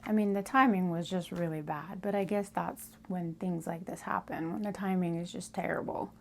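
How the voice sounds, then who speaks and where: A woman telling a personal story in a casual storytelling style, often dropping to a hushed whisper for suspense. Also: on the low side, fairly even intonation, normal speed, creaky, a little hiss or hum. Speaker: storytime vlogger.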